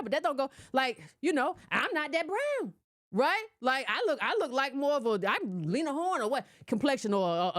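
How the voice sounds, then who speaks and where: Sassy scolding woman, high and lively. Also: no echo, clean studio sound. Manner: sassy, scolding, rhetorical questions. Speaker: political commentator. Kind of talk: casual political monologue.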